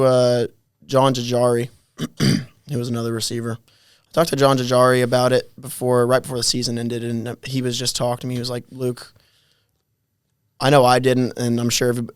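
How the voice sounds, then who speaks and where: Young man telling a story, even-toned. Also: medium pitch, clear, resonant tone, dry recording, clean studio sound. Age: 20s. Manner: halting, repeats words, chuckles while telling stories. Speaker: college football player, guest. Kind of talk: casual storytelling interview.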